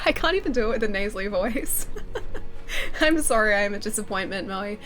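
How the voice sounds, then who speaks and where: A woman's voice: on the high side, lively intonation, a little slow, pauses often, a bit bright. A woman with a head cold, her voice stuffy and nasal as she chats casually on a live stream. She laughs easily and pokes fun at herself, close on a pop-filtered mic in a home room with faint game music underneath. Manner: chatty, giggly, self-deprecating. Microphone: close studio mic with pop filter.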